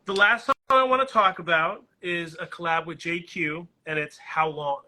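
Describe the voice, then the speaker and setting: A man hosting a relaxed interview who encourages his guest with short reactions. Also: a little high, normal speed, rough recording. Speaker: interview host. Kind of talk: casual interview.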